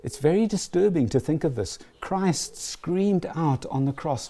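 A man preaching a sermon, earnest and emphatic, slowing down on key phrases. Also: a little high, animated, dark tone.

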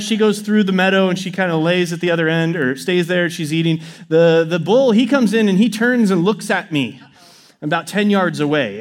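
A man preaching to a congregation, telling a personal story in a casual, animated way. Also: high voice. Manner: animated, acts out his story with quick inner quotes. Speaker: pastor. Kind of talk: sermon storytelling.

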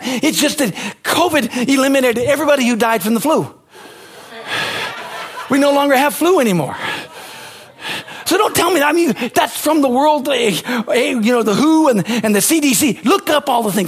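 A male pastor preaching a sermon with passion, repeating phrases, swinging from loud exclamations to low, quiet asides. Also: animated, normal speed.

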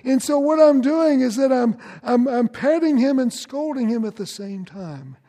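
A man's voice: extremely high pitch, animated, moderate pace, mellow, in a large hall. A man preaching a sermon as pastor, earnest and direct, questioning his congregation.

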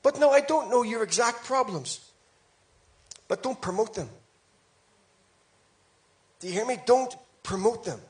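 A man with a strikingly high voice preaches a sermon to his congregation. He drives his points home with emphatic repetition and pleading exhortation. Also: animated, unhurried, pauses often. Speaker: pastor.

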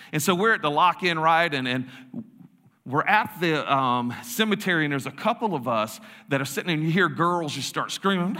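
A man preaches to young people, rambling and restarting as he jokes about himself. His voice is bright and a little high. The sound rings with the long reverb of a church hall. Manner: joking, self-deprecating, rambling with restarts. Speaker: youth pastor. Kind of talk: casual sermon with storytelling.

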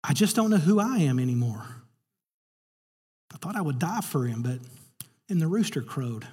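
A man's voice: a little high, expressive, moderate pace, dark tone, husky, in a large hall. A man voicing a troubled, ashamed grown male apostle in a sermon retelling. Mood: anguished.

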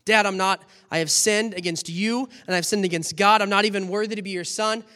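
A man's voice: high-pitched, fairly even intonation, brisk, bright, forceful tone. A man playing an ashamed pleading young son. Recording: long hall reverb.

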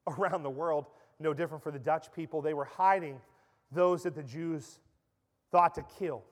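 A man's voice: fairly high pitch, fairly even intonation, moderate pace. A man preaching a sermon with impassioned, emphatic delivery in a church. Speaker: pastor. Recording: echoey church hall.

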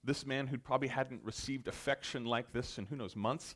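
A man preaching a sermon in an earnest manner, addressing the congregation directly, swelling to loud emphatic peaks and dropping to soft, slow lines. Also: mid-range voice. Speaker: pastor.

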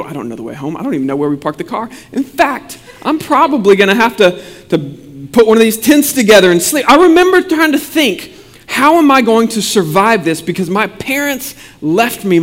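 High-voiced man preaching in a reverberant hall. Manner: animated storytelling with humor. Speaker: pastor. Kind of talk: sermon with personal story.

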